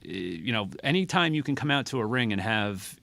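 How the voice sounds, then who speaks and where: A man chatting casually on a podcast as a guest, telling stories with lively acted-out quotes in a New Jersey accent. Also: fairly low pitch, brisk, creaky, no echo. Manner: animated storyteller who acts out quotes. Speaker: comedian and wrestling announcer, guest.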